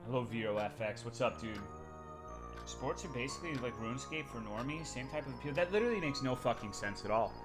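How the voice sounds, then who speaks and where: A man's voice: mid-range voice, expressive, fast talker, over music. A young adult man streaming live, chatting casually with his chat in a crude, rambling, sarcastic way.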